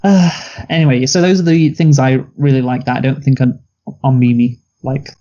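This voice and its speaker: Male co-host for a casual film chat, mellow voice, muffled low-fi recording, blunt opinions. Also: steady tone, moderate pace. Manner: blunt, laughs at own picks, quotes lines. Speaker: movie review podcast co-host.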